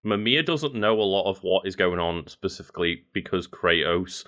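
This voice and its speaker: Low-ish voiced podcast guy, rambles about games, laughs a lot, fumbles for words. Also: lively intonation, normal speed, fairly bright tone. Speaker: podcast co-host. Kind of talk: casual gaming chat.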